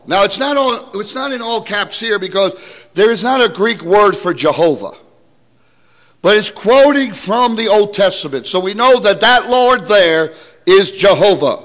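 A man's voice: high-pitched, lively intonation, moderate pace, big-room sound. A man preaching a sermon to a congregation, emphatic and calling out for amens as he explains scripture. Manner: emphatic, calls for amens, rising to shouts.

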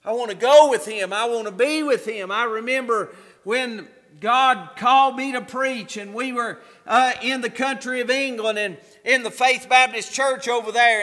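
A man's voice: very high-pitched, bright, forceful tone, in a large hall. A man preaching a sermon as pastor, fervent and repeating his phrases for emphasis.

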